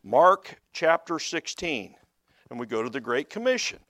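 A male preacher with a high voice delivers a sermon. He tells stories in a low, easy way and then builds to loud, emphatic proclamation. The sound is dry and close. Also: very animated, unhurried, no echo.

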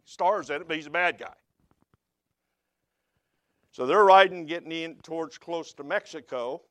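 A man preaching a sermon, telling a story quietly and then rising into loud, emphatic preaching. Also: mid-range voice, dry recording, clean studio sound.

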